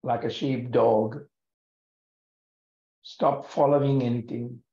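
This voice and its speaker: A man guiding a yoga breathing practice in a gentle, calm and soothing way, with many pauses. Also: mid-range voice. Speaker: yoga teacher. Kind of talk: guided yoga breathing instruction. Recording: echoey room, dull lo-fi sound.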